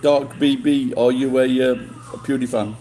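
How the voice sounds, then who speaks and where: A man's voice: mid-range voice, fairly even intonation, unhurried, dark tone, faint music behind. A middle-aged man telling rambling stories to his stream chat, swearing often and restarting his sentences. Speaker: livestreamer. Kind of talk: casual storytelling to chat.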